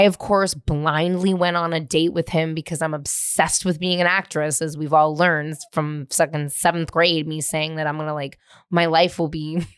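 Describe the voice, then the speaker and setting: A woman in her thirties from San Francisco hosts a solo podcast from her living room at home, telling a story about her teenage years. Her voice sits low, and she's profane, animated, and rambling, dropping "like" constantly. The recording is dry and studio quality.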